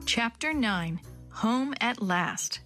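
A woman's voice: on the high side, animated, slow pace, pushed and bright, faint music behind. Woman reading a children's story. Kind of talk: scripted story narration.

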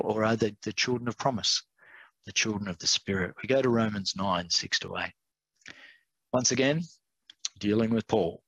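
A man preaching a Bible study sermon, reading scripture aloud and slowing down on key words for emphasis. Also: on the low side, fairly bright tone, slightly rough, dry recording, rough recording.

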